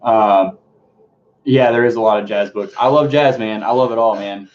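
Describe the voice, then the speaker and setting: A man's voice: on the low side, normal speed, darkish tone. Rambling, swearing man on a stream. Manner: rambling and profane, answers chat questions. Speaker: streamer unboxing his music books. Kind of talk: casual live-stream chat. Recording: dull lo-fi stream audio.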